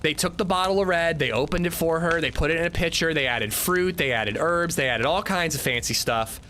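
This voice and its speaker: A man in his thirties livestreaming from a room at home, telling a story in casual chat as an indignant, animated ranter. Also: a little high, a little fast, slight background noise. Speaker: livestreamer playing a survival game.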